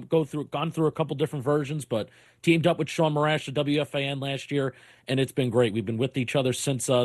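A man casually plugging his podcast in a relaxed way. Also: mid-range voice, no echo, clean studio sound. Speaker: podcast co-host guest. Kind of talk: casual promo talk.

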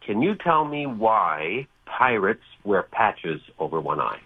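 A man's voice: on the low side, very animated, slow pace, husky, no echo. A man calling into a radio show, friendly and a bit hesitant as he poses a trivia question. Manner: friendly, a little hesitant, repeats words. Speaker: radio caller. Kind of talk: asking a trivia question on a phone call. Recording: tinny phone line.

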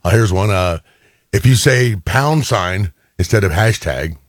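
A man's voice: fairly low pitch, lively intonation, measured pace, no echo, studio quality. A middle-aged man hosting a radio show, chatting casually and telling little stories, often doing other people's voices. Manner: chatty storyteller, quotes people in changed voices. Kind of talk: casual on-air banter.

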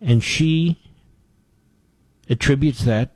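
Slow and darkish in tone, this man's mid-range voice is captured in a dry recording. As host of a political talk show, he delivers an opinionated monologue full of indignation, emphasis and repeated phrases.

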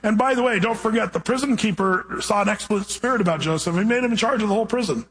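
A man preaching a sermon, reading scripture and then retelling the story with animated, playful asides. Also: sits high, fast talker, rough recording.

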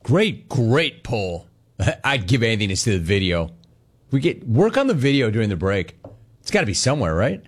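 Animated male sports radio host. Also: on the low side, slightly rough. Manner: animated storytelling, quick bursts, acts out quotes. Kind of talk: casual talk radio monologue.

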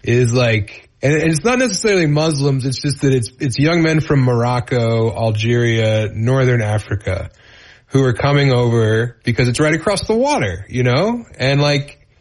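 A man's voice: medium pitch, moderate pace. A man, a stand-up comedian, telling a rambling story on a podcast and acting out the voices of the people in it. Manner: rambling, animated, acts out voices in anecdotes. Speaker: comedian guest. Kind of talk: casual storytelling.

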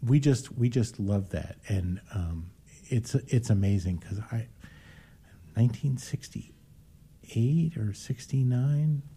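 A man in his sixties hosting and reminiscing in a halting, casual way with many fillers. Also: mid-range voice, expressive, mellow, husky. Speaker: host. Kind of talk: casual chat.

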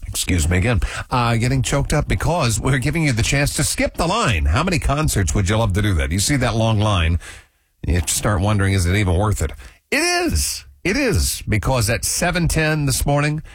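A man's voice: medium pitch, very animated, fairly quick, dry recording, studio quality. A man hosting a morning radio show with chatty, jokey banter. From Indiana.

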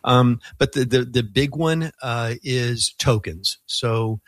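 A man talking as a guest on a Christian radio show, in relaxed and thoughtful casual talk, with many fillers and restarts and frequent chuckles. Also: medium pitch, slow pace, a little hiss or hum. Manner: chuckles often while talking.

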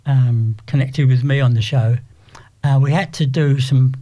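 An older English man talking as an interview guest, rambling and halting with frequent restarts. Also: medium pitch, fairly even intonation, warm tone. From England. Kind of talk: casual interview.

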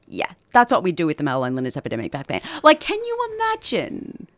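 A woman guest on a radio show, talking in an animated, sardonic way. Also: low-pitched, fast talker, dry recording. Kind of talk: casual radio chat.

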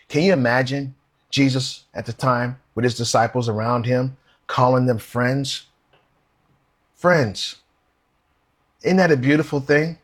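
A man's voice: mid-range voice, unhurried, pauses often, husky. A man preaching a sermon, earnestly reading scripture aloud and asking rhetorical questions.

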